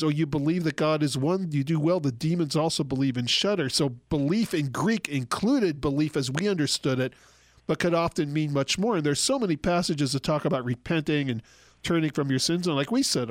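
Guy teaching bible stuff on a radio show, higher-ish voice, dry close mic. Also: no echo. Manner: explanatory, acts out quoted dialogue.

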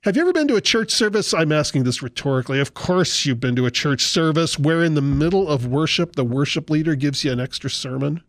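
A male pastor delivering a sermon with animated, humorous storytelling and impressions. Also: fairly high pitch, fast talker, hardly any pauses, no echo, studio quality.

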